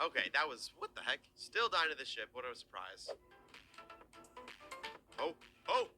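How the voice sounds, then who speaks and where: A man giving excitable gameplay commentary, thinking aloud with quick exclamations as he plays. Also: medium pitch, over music. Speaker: gaming creator playing a level.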